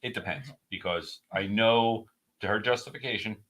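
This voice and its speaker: A man's voice: on the low side, normal speed, fairly bright tone. A man from New York with a faint New York accent, co-hosting a radio talk show and joking bluntly. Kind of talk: casual chat.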